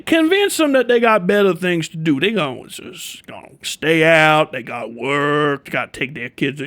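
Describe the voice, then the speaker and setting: A man voicing a scheming older man who talks with a put-on accent, low and drawn out. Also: a bit bright, heavily acted.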